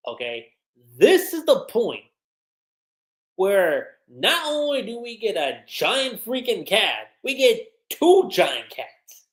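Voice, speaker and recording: A woman's voice: medium pitch, big pitch swings, slow pace. A woman giving a casual, slangy livestream review that recaps an anime episode, with plenty of "like"s. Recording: roomy echo.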